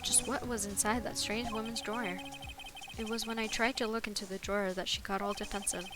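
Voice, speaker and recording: A woman's voice: mid-range voice, flat delivery, fairly quick, over loud music, lightly acted. A woman reading the lines of a determined young male defense lawyer in a game, earnest and reassuring.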